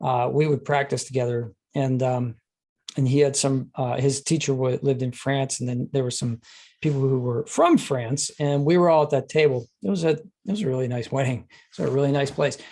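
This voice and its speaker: A man hosting a podcast who tells anecdotes in a chatty way and gets animated when quoting others. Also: medium pitch, moderate pace. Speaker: podcast host. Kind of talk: casual conversation, anecdotes.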